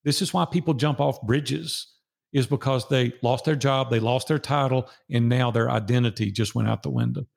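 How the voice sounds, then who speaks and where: A man's voice: medium pitch, moderate pace, gravelly. An older man with a Southern US accent, a podcast guest telling personal stories in an earnest way and repeating phrases for emphasis. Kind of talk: casual storytelling interview.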